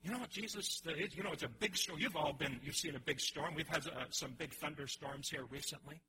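A man preaching a sermon in an animated way, often restarting his phrases and acting out the voices he quotes. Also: on the high side, a little fast, noisy background. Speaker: pastor.

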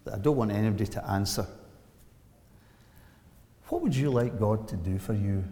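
Old guy in his 70s preaching, gets loud and fired up, big echoey church hall. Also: fairly low pitch. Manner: animated, rising to loud emphatic peaks, rhetorical questions. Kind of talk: sermon. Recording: long hall reverb.

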